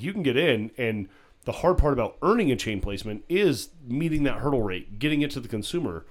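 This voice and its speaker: A man in his forties talking shop about the beer business in a casual podcast chat, matter-of-fact and explanatory, with some swearing. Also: medium pitch. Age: 40s. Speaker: beer sales veteran.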